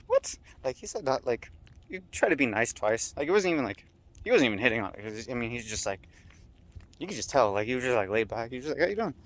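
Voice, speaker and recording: A young man telling a rambling story on a street at night, high, swearing and filling every pause with "like" and "uh". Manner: rambling, heavy swearing and filler words. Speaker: vlogger. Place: outdoors on a town street at night.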